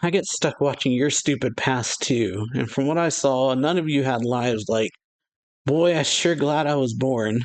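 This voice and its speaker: A man doing a cocky young vampire who taunts and sneers while reading a manga chapter aloud. The sound is dry and close. The pitch sits in a middle range. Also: unhurried, dry recording, lightly acted. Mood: taunting.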